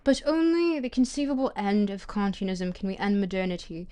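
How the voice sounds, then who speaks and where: A woman's voice: medium pitch, animated, brisk, warm tone. A French-native woman reading a philosophy book aloud on a live stream, stopping often to restart words and check how names are pronounced.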